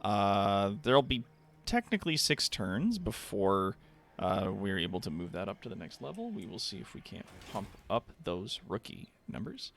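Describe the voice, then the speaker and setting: Lively, chatty male game streamer. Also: on the low side, moderate pace, gravelly. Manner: chatty, laughs often, swears casually. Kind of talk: casual gameplay commentary.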